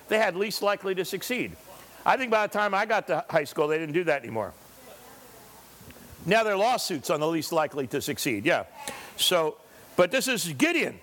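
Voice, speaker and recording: A male pastor preaches in a high, fairly bright voice. He hammers home his points with rhetorical questions and briefly performs the voices of figures from scripture.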